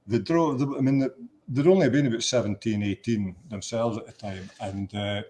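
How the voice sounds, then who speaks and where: A man's voice: fairly low pitch, normal speed, a little mellow. Scottish man telling a road story. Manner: chatty anecdotes with restarts, laughing at his own punchline. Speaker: guest musician. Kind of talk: storytelling in a radio chat.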